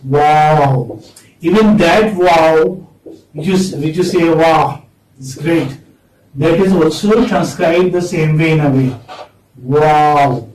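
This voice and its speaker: A man's voice: on the high side, a little mellow. A man with an Indian English accent lecturing a class of students, repeating words and prompting them with questioning hums. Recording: echoey classroom, distant mic.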